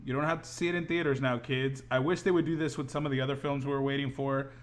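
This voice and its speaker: A man hosting a podcast in casual chat, animated and opinionated with quick jokes. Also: mid-range voice. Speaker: podcast host.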